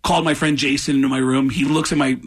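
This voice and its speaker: A man, a comedian on a radio show in the studio, telling animated stories and acting out the people in them. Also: mid-range voice, fast, husky. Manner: excitable, acts out voices in the story. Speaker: comedian guest.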